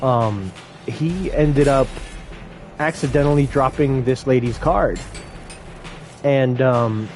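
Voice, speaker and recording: A young man telling brash, animated stories about run-ins with customers at his fast food job. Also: medium pitch, faint music behind. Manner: brash, animated retelling of confrontations. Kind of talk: casual storytelling vlog.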